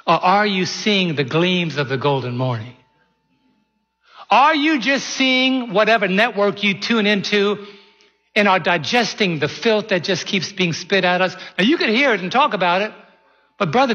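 Man, pastor, folksy sermon, rhetorical questions, high voice, long church reverb. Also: lively intonation, normal speed, sharp tone, highs cut off.

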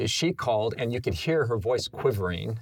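A man's voice: medium pitch, expressive, moderate pace. Earnest male storytelling panelist. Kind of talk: faith discussion panel.

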